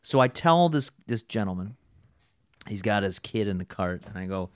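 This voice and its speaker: Animated man telling a workplace story. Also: lowish voice, normal speed, no echo, studio quality. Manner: animated storyteller, swears, acts out other people's voices. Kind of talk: casual storytelling chat.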